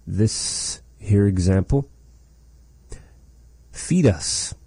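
Deep slow-spoken male language teacher. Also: expressive, mellow, husky, no echo. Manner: slow, careful, repeats phrases for learners.

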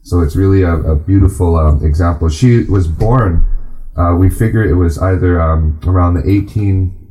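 A man teaching a class, speaking in an unhurried way and pausing often with ums and uhs. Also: low-pitched, warm tone. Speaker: language and culture teacher. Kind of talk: informal class talk.

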